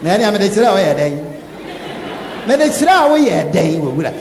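Animated Ghanaian preacher in echoey hall. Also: male voice, high voice, normal speed, vocal fry, some chatter behind, a little hiss or hum. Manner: animated, laughing, acts out quotes. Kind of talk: sermon. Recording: echoey hall with faint ambience.

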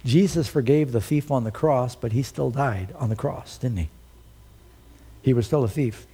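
A man's voice: moderate pace, dark tone, husky. A man preaching a sermon, chatting with the congregation between dramatic readings of scripture. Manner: dramatic, reads scripture aloud with big swings in pitch; conversational asides to the congregation. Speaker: pastor.

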